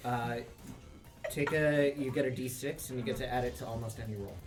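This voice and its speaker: A man playing a tabletop game live, hesitant with many fillers but excitable about his character. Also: medium pitch, a little fast, far from the mic, over music. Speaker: player. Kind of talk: casual live-play chat.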